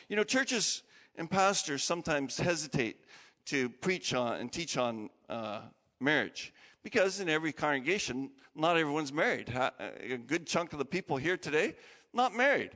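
Male pastor, high lively voice, emphatic chatty preaching, reverberant church. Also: unhurried. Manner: animated, emphatic, conversational preaching with self-corrections. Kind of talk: sermon. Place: church sanctuary.

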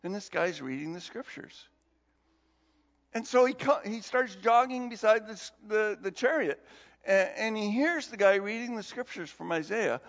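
A male pastor preaching a sermon, telling Bible stories in an animated, conversational way. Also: sits high, normal speed. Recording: dull recording in a long-reverb hall.

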